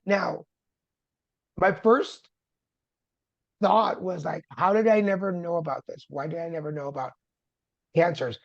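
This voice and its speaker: A man's voice: on the high side, steady tone, a little slow, creaky, pauses often, dry recording. A man sharing his cancer story as a guest, candid and humorous, with dramatic retellings. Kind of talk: personal storytelling. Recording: dull lo-fi dry sound.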